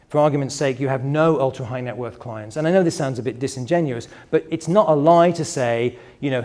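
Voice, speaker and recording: A man's voice: mid-range voice, dark tone. A middle-aged man, a business coach, giving a live workshop presentation in a conversational, digressive way and speaking straight to the room.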